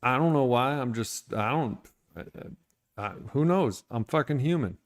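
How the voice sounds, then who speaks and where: A man speaks straight to his stream audience in an irritated, venting mood, blunt and sometimes profane. His voice is smooth and resonant, sitting at an ordinary middle pitch. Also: animated, normal speed. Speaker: recovery streamer. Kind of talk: candid livestream monologue.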